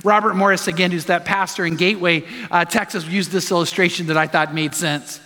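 Guy pastor preaching, high bright voice, keeps firing questions at the crowd, long church reverb. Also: steady tone, brisk. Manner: emphatic preaching with many rhetorical questions. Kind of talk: sermon.

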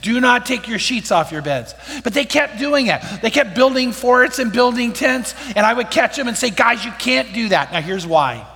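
Middle-aged preacher, high bright voice, storytelling sermon style, long reverb from a church hall. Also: male voice, lively intonation, moderate pace, vocal fry, few pauses. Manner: storytelling with rhetorical questions to the congregation. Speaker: pastor.

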